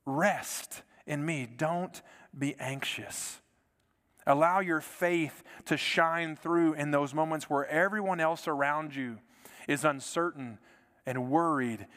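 A male pastor preaching a sermon with an earnest delivery, repeating words and dropping to a soft hush to stress a point. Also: fairly high pitch, unhurried, long reverb tail. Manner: earnest, repeats words, drops to soft quiet lines for emphasis.

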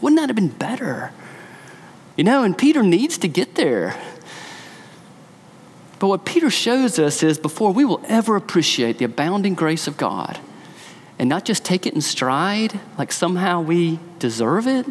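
A man's voice: high-pitched, very animated, normal speed, big-room sound. A man, a pastor, preaching a sermon in a church, telling the story with emphasis.

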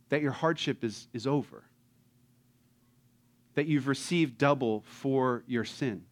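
A man's voice: mid-range voice, measured pace, long pauses. A man preaching a sermon from the pulpit in a casual, conversational way, asking his congregation rhetorical questions. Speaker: pastor.

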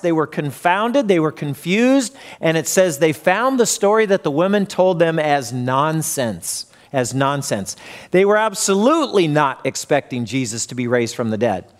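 A man with a fairly high voice preaches a sermon in a church. He tells the story plainly and now and then acts out what the people in it say. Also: lively intonation, normal speed. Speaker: pastor.

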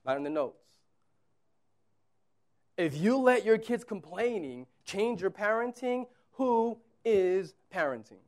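Taking his time, a high-pitched, animated pastor in his thirties preaches a sermon. He talks conversationally, swinging between quiet asides and loud, repeated emphasis.

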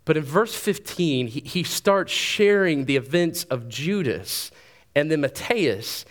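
A man in his thirties, a pastor preaching a sermon in a lively, conversational way, with quick asides and repeated words. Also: on the high side.

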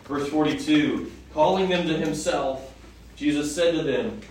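A man's voice: fairly high pitch, a little slow. Male preacher, conversational teaching sermon, heavily echoing hall, mic well away from him. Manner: conversational, asks the audience questions. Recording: echoey hall from far off, faint noise.

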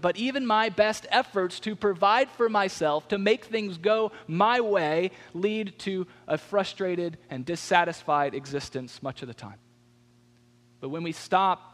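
A man preaching a sermon, telling a personal story in a conversational, animated way. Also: high voice. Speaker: pastor. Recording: long hall reverb.

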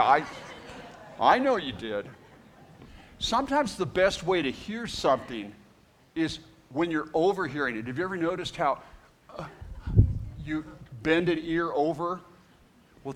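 A man's voice: on the high side, fairly bright tone. A male pastor giving a sermon, reading scripture aloud with emphatic, conversational asides to his congregation.

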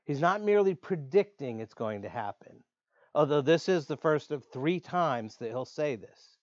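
A man preaching a sermon in an earnest way, slowing down to stress key words. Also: a little high, lively intonation, darkish tone, dry recording. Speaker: pastor. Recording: dull lo-fi dry sound.

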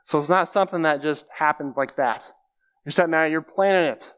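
A man's voice: on the high side, brisk, fairly bright tone, smooth. A man giving a conversational sermon, explaining scripture plainly and repeating key phrases for emphasis. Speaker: preacher.

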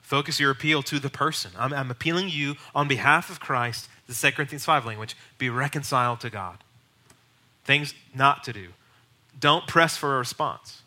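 In this teaching on sharing the faith, a middle-aged pastor uses a mid-range voice that is strikingly bright and sharp, at a moderate pace. He is earnest and emphatic, now and then pressing into raised, urgent stretches about evangelism.

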